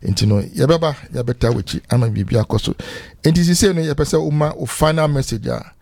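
Creaky-voiced radio host man. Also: mid-range voice, a little fast, darkish tone, no room sound. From Ghana. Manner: casual, peppers talk with "yo" and English words. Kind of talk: radio talk show hosting. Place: radio studio.

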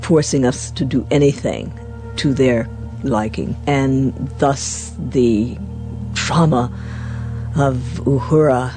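A woman's voice: very deep voice, takes it slowly, faint music behind. An older woman being interviewed, telling stories of her acting career with laughter. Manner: warm storytelling with laughs. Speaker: interviewee, actress. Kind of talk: interview recollection.

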